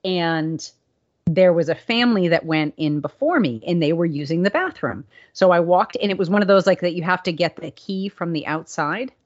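A woman co-hosting a casual podcast chat, telling a story with lively acted-out quotes. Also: on the low side, normal speed. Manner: animated storyteller, acts out quotes. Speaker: podcast co-host. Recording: dull lo-fi sound.

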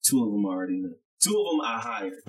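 A man's voice: on the low side, big pitch swings, fast talker, slight background noise, low-quality recording. A man co-hosting a podcast, telling a story in casual chat, acting out the people he quotes and swearing freely. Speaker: podcast co-host, chef.

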